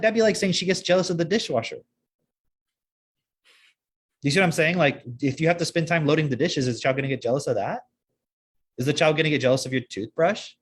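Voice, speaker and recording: A man's voice: mid-range voice, husky. A young adult man hosting a podcast, talking casually and rambling with many fillers and restarts. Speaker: podcast host. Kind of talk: casual conversational chat.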